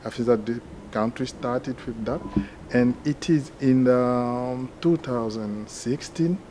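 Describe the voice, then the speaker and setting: A man from Ivory Coast who speaks English with a French accent, answering interview questions as a university lecturer and pausing to search for words. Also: medium pitch, warm tone, slight background noise.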